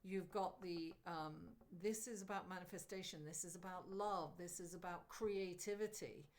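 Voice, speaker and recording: A middle-aged woman doing a live tarot reading. She talks in an animated, chatty way and speaks directly to her viewers. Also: on the low side, moderate pace. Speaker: astrologer and tarot reader.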